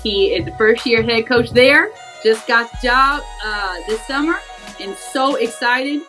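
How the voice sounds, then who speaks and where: A woman's voice: fairly high pitch, unhurried, pushed and bright, soft background music. A woman basketball coach, a guest on a podcast, talking in an upbeat, casual way. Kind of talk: casual interview.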